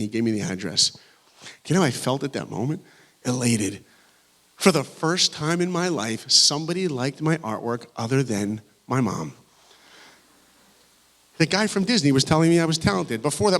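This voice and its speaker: A man giving a motivational talk to high school students, telling his story with animation and acting out the dialogue. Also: expressive, fairly quick, a bit bright. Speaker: guest speaker. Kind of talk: motivational speech. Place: large school hall.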